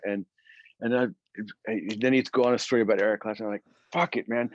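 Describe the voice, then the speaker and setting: A man's voice: on the low side, fast talker, no room sound. Man, guitarist guest, rambling storyteller, muffled dry call audio. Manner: rambling, animated storyteller who acts out quotes. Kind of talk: casual storytelling in an interview.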